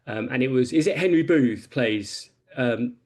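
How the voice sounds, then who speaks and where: A man's voice: medium pitch, unhurried, darkish tone. A man on a podcast panel, telling a long film anecdote in a rambling, casual way.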